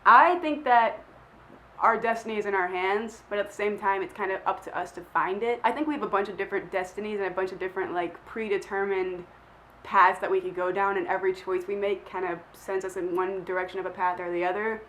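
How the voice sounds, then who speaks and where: Sounding under the weather, a young woman chats to camera and answers questions, rambling and poking fun at herself with plenty of filler words. Her medium-pitched voice is fairly bright, fairly quick, and fairly even in intonation. The low-quality recording carries a little hiss or hum.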